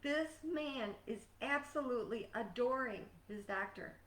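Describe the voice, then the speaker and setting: A woman life coach giving a scripted motivational talk in an earnest, measured, emphatic way. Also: a little high, expressive. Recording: echoey room, distant mic.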